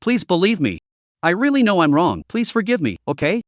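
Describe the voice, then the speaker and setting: A man's voice: high voice, wildly swooping pitch, a little fast, no echo, studio quality. A man voicing a timid, tearful young woman who keeps pleading and apologizing.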